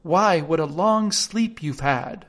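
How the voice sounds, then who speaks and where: A man reading a storybook aloud, voicing a gentle, affectionate older sister. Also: fairly high pitch, expressive, takes it slowly.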